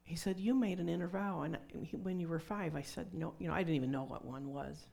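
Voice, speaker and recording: A woman's voice: on the low side, a little fast, gravelly, dark tone. A middle-aged woman preaching a conversational sermon with personal testimony, dropping to whispers for emphasis.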